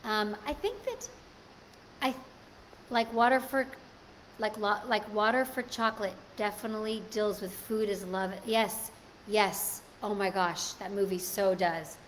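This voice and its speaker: A woman's voice: medium pitch, fairly even intonation, measured pace, slight background noise. A woman hosting a live stream, chatting casually and answering viewer comments. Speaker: livestream host.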